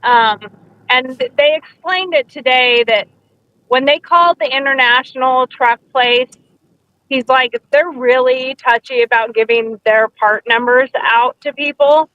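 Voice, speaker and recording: Chatty woman co-host, high voice, dry dull sound, tells stories with quoted bits. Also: fairly even intonation, unhurried, bright, forceful tone, no echo. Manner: chatty storyteller, acts out quotes. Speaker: podcast co-host. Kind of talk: casual chat.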